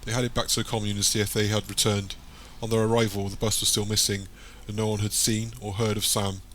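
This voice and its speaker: A man narrating an audiobook chapter in a plain, even storytelling manner. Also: fairly low pitch, brisk, a little hiss or hum. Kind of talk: scripted narration.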